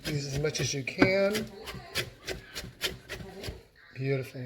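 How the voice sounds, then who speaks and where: A man's voice: fairly high pitch, normal speed, very noisy. A man giving a casual cooking demonstration in his home kitchen, chatty and encouraging as he talks while chopping.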